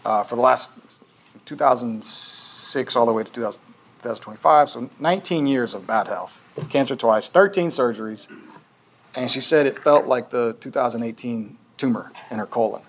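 A man's voice: medium pitch, slight background noise, low-quality recording. Earnest male pastor preaching. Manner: earnest, questioning, with frequent restarts. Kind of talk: conversational sermon.

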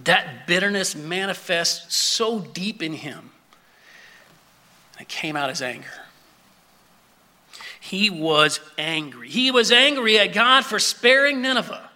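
A man's voice: high-pitched, lively intonation, slow pace, long pauses, sharp tone. A man preaching a sermon, reading scripture expressively and adding commentary with rhetorical questions and the odd slip.

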